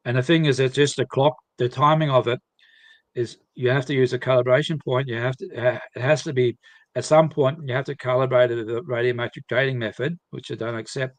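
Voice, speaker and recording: A man speaking as a guest at a live seminar, explaining in halting phrases with frequent restarts. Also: mid-range voice, steady tone, no echo. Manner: halting, many restarts and repeated words.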